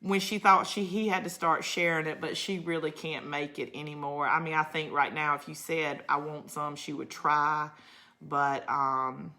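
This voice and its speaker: Chatty Southern woman with a bright voice. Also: sits low, flat delivery, normal speed. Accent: Southern US, Georgia. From Georgia, USA. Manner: chatty, rambling storyteller who laughs often. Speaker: crafting channel host. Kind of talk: casual livestream chat, reading viewer comments.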